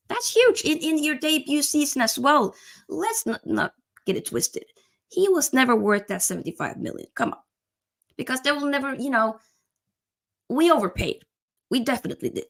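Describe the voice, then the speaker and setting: A young woman hosts a casual football live stream. She talks in an animated, chatty way and greets her viewers by name. Her voice sits a little high and carries a gravelly fry.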